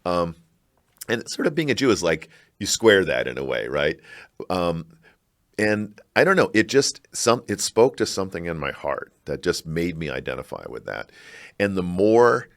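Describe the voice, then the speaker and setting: A middle-aged man from Chicago, a scholar talking in a podcast interview, reflective and halting with animated bursts. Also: sits low. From Chicago, United States. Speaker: guest, scholar and university provost.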